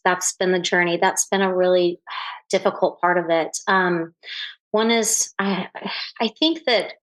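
A woman in her forties speaking as an interview guest, earnest and reflective, pausing often with fillers and restarts. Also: on the low side, a bit bright, rough recording. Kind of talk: candid conversational interview.

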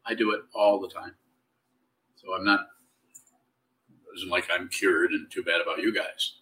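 A man giving a slow, halting, reflective dharma talk as a Zen teacher, in a slightly whiny tone. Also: sits low, steady tone, sharp tone. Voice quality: self-described whiny tone. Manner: slow, halting, reflective delivery with many restarts. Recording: distant mic.

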